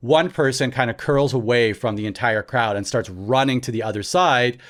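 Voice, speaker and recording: A man, a podcast host telling a story in a lively way and laughing often as he goes. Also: medium pitch, normal speed. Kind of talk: casual storytelling.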